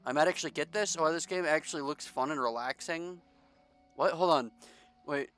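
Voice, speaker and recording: A man's voice: on the high side, normal speed, a bit bright, faint music behind. A man giving casual gameplay commentary, jokey and sarcastic, reading the game text aloud as he plays. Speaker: gaming streamer.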